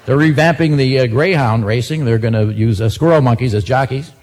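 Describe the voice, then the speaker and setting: A man's voice: medium pitch, a little fast, darkish tone, a little hiss or hum. A man doing a stand-up monologue of joke news headlines, dry and self-mocking between the punchlines. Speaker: comedian.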